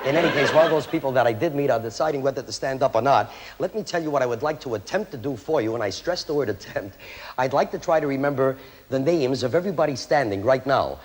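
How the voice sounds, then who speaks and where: A man's voice: mid-range voice, expressive. A man performing a memory act on a TV magic show, joking with the studio audience as he calls out names one after another. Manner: brisk, joking, rattles off names. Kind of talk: stage patter to a studio audience.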